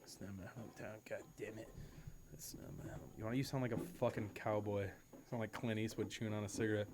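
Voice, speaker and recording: A young man co-hosting a podcast in casual chat, animated and swearing freely as he riffs. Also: fairly low pitch, fast talker, noisy background. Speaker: podcast co-host.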